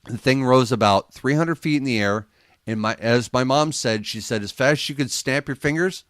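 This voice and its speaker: A man telling a story casually as a guest on a radio interview, animated and laughing often as he acts out what people said. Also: medium pitch, normal speed, no echo. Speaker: paranormal investigator guest.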